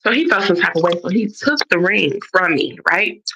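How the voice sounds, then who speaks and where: A woman's voice: lowish voice, normal speed, a little hiss or hum. A woman casually telling a long story on a live stream, acting out what others said. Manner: animated retelling that acts out others' lines. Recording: dull lo-fi stream audio.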